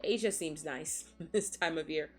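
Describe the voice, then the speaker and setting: A woman's voice: low voice, unhurried, husky, soft background music. A woman streamer from Nigeria in casual chat, frank and swearing freely, laughing often as she reads chat, sniffling after crying.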